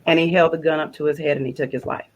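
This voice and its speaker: A woman's voice: low-pitched, fairly even intonation, rapid-fire, muffled recording. A woman, a guest on a faith broadcast, telling an emotional personal story in plain conversational speech and using religious phrasing. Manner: retells conversations in quoted dialogue, repeating phrases.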